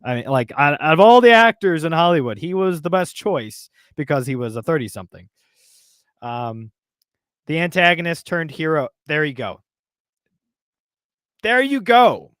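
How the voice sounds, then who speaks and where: A man's voice: fairly high pitch, lively intonation, moderate pace, fairly bright tone, dry recording. Ranting man on a dry podcast mic. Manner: heated, ranting, exasperated. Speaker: podcast co-host. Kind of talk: casual podcast commentary.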